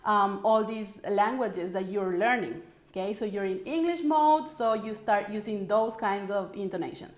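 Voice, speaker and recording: A woman's voice: mid-range voice, moderate pace, roomy sound. A woman language coach teaching English intonation, modelling example questions and checking in with "right?" and "okay?".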